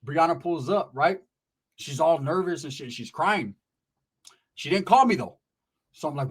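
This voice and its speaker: A young man from California telling a profane comic story, animated and acting out voices. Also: a little high, normal speed, pauses often, breathy edge. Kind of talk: comedic storytelling.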